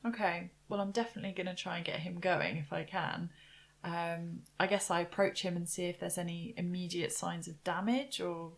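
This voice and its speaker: A woman's voice: on the low side, steady tone, moderate pace. A woman playing a tabletop game, chatting casually about what her character does. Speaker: player.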